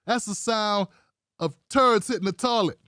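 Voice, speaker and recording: High-voiced guy ranting on his vlog, mocking and cussing, dry close sound. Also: normal speed, dry recording. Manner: profane, mocking and animated. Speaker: political commentator. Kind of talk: casual political commentary vlog.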